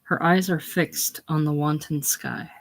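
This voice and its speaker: A reader giving a casual reading of a play, stating the stage directions plainly and quietly. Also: medium pitch, fairly even intonation, measured pace.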